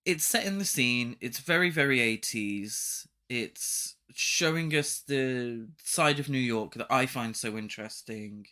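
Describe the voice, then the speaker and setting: A man's voice: medium pitch, a little slow, few pauses. A man co-hosting a horror film podcast, chatting casually and laughing easily while discussing cast members. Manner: relaxed, laughs often. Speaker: podcast co-host. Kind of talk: casual film review chat.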